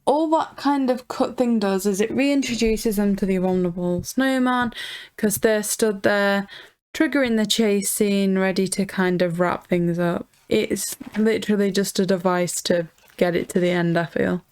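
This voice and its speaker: A woman's voice: medium pitch, moderate pace, a little mellow, clean tone. A woman co-hosting a casual film review chat, wry and dryly critical. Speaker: podcast co-host reviewing a film.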